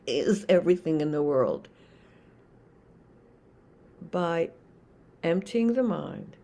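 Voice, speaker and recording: An older woman gives a dharma talk as a Zen teacher, her voice low and gravelly. She speaks reflectively, stopping, restarting and searching for her words. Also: darkish tone.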